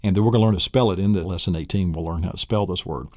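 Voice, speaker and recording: A man's voice: low-pitched, very fast, darkish tone, no echo, studio quality. A man giving a spelling lesson, spelling words out letter by letter, sounding out syllables and asking the listener rhetorical questions. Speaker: spelling instructor.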